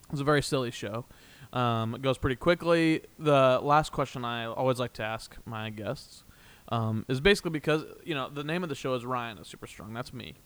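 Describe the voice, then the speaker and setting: A man's voice: mid-range voice, fairly quick, fairly bright tone, clean tone. A young man hosting a casual podcast, rambling and playful, often laughing. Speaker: podcast host. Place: small room, in doors.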